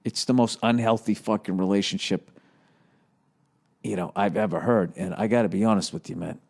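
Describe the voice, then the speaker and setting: A man's voice: fairly low pitch, fairly even intonation, moderate pace, creaky, darkish tone. A man in his forties with a Boston accent, hosting a podcast in a rambling comedic monologue, grumpy, profane and worn out. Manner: grumpy, profane, ranting with sarcastic asides. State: mentally exhausted. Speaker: podcast host.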